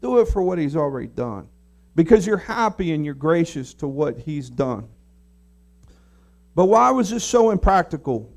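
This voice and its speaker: A man's voice: sits high, darkish tone. A man pastor preaching a conversational sermon to his congregation, briefly acting out the voices of a grumbling crowd.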